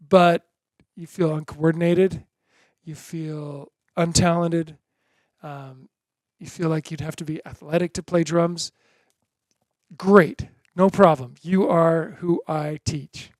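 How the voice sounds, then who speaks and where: Brief: patient drum teacher for total beginners, unhurried and encouraging, chants beats aloud, dry close sound. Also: mid-range voice, fairly even intonation, a little mellow, dry recording.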